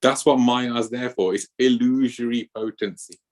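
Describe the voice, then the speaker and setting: A man's voice: medium pitch, moderate pace. A man giving an earnest scripture class at a temple, telling stories as he talks. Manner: storytelling, earnest, lively with acted quotes.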